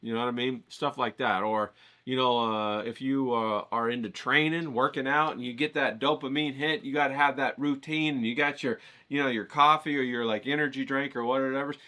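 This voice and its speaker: A man's voice: medium pitch, fairly even intonation, fairly quick, pushed and bright. A man hosting his channel, chatting casually and energetically to viewers, rambling and firing off repeated questions to get them hyped. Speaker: host of an art challenge channel.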